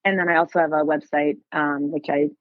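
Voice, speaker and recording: A woman's voice: low-pitched, flat delivery, fairly quick, no echo. Rambling woman on a tinny line. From United States. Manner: rambling, many fillers and restarts. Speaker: snowboard photographer, guest. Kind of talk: casual podcast chat. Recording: tinny phone-like sound.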